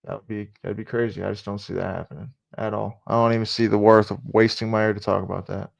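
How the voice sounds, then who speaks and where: Gravelly-voiced man on a sports stream. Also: on the low side, flat delivery, quick pace. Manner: casual, repetitive, muttering asides. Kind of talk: live stream commentary. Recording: dull lo-fi stream audio.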